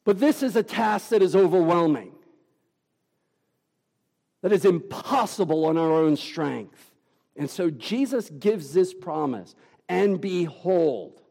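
Gravelly, slow-preaching man. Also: high voice, mellow, big-room sound. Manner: emphatic, deliberate preaching with dramatic pauses. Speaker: pastor. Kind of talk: sermon.

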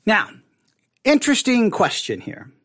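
A pastor leading an online Bible study in a casual teaching style, talking conversationally and asking the audience questions, with many restarts and repeated words. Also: male voice, high voice, huge pitch swings, measured pace, fairly bright tone.

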